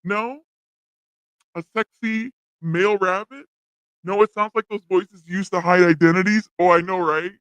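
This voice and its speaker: A woman's voice: lowish voice, steady tone, measured pace, no room sound, muffled recording, pitched below the performer's own voice. A woman livestream host speaking through a voice changer that makes her sound like a young man, giggling and quizzing her chat about how she sounds. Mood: amused. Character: a cute young man's changed voice. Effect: male-sounding voice changer filter.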